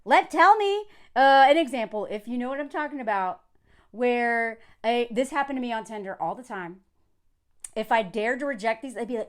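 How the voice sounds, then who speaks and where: Animated woman ranting in commentary. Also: high-pitched, moderate pace. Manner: animated, exasperated ranting with frequent asides. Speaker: social media commentator. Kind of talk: reaction commentary on social media posts.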